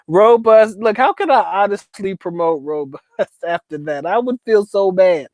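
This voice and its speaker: A man's voice: high voice, expressive, unhurried, darkish tone, no room sound. A man hosting a casual livestream, reading chat comments aloud and joking with heavy profanity and frequent laughter. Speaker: host reading live chat.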